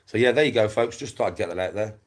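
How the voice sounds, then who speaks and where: A man's voice: fairly low pitch, fast talker. A middle-aged man with a Black Country accent ranting on a livestream, sweary, scornful and repetitive. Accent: Black Country English. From England. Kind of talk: angry livestream rant.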